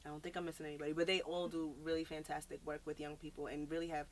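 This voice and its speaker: A woman's voice: deep voice, racing, slight background noise. A woman guest on a podcast, talking earnestly in a casual interview with loose fillers. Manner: earnest, animated, many "like" and "um" fillers. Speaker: podcast guest, nonprofit founder.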